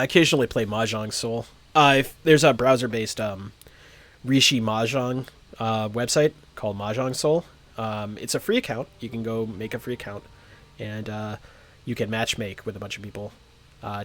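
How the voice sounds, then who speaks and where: A man's voice: fairly low pitch, moderate pace, fairly bright tone. A man streaming a role-playing game live, chatting casually with lots of fillers and reading game text aloud. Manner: rambling, lots of uhs and ums.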